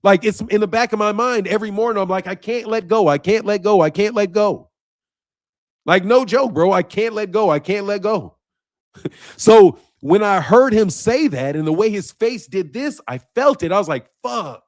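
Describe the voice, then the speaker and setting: A man's voice: high voice, a little mellow, no echo, studio quality. A man hosting a boxing channel, talking to camera in a casual monologue; he is emphatic and repetitive, swears often and turns intense and confrontational.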